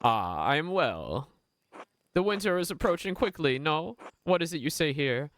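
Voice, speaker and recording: A man voicing a courteous male merchant from Italy in a video game, with a measured, formal way of talking. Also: a little high, big pitch swings, fairly bright tone, a little hiss or hum, pitched above the performer's own voice, poor audio. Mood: genial.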